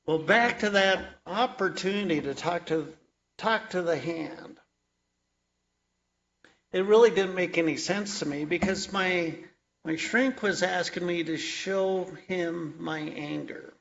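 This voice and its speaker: Male storyteller, wry and reflective, unhurried delivery, dull lo-fi recording. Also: high-pitched, gravelly, fairly bright tone. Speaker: author and energy worker sharing his story. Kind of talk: personal storytelling talk.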